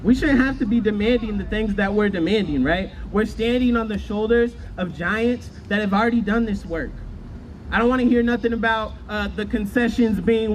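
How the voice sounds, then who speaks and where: High-voiced man firing up a protest crowd. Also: fairly quick, rough recording. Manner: fiery, rhetorical, chants with crowd. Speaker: protest speaker. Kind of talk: impassioned rally speech. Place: outdoor street protest. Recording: loud crowd and street noise.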